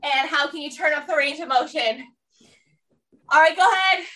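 A woman's voice: sits high, moderate pace, pushed and bright, recorded from a distance. A woman leading a guided movement and mindfulness class, upbeat and encouraging as she cues movement and breathing. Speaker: fitness class instructor.

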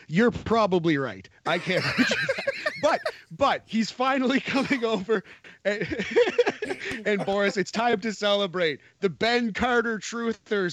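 A man's voice: high-pitched, fairly bright tone, no room sound. A man co-hosting a wrestling talk show, chatting casually and laughing often. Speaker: wrestling podcast co-host. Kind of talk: casual chat.

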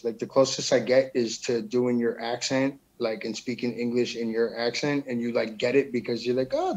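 A man's voice: medium pitch, a little mellow, poor audio. A man talking casually about his music, loose and slangy, swearing and saying bro a lot. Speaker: musician guest. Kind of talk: casual chat.

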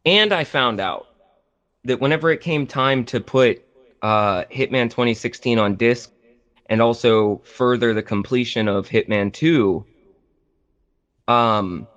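A man with a medium-pitched, slightly bright voice speaks at a measured pace in slightly dull lo-fi audio. He's casually talking games on a podcast, wandering through his points with lots of filler words and false starts.

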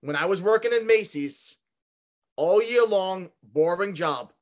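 A man, reminiscing in an unhurried, measured way in casual chat. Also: high-pitched, lively intonation. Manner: nostalgic, measured storytelling.

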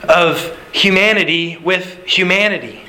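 A man preaching a sermon in a conversational, animated way, acting out quoted lines. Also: high voice, unhurried, slight background noise, poor audio. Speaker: pastor.

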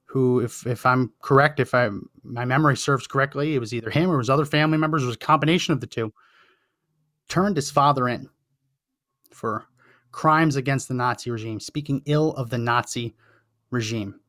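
A man's voice: medium pitch, brisk, fairly bright tone, no echo, clean studio sound. A man hosting a political commentary show, talking in an impassioned, emphatic way and repeating phrases for effect. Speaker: podcast host.

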